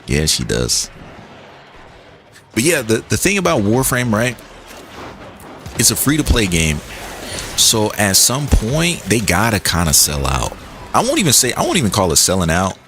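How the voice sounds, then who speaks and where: A man's voice: fairly low pitch, moderate pace, pauses often, slight background noise. A young man chatting casually and joking with his chat while he plays a game on a stream. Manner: animated, joking, reads and answers chat. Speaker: gaming streamer.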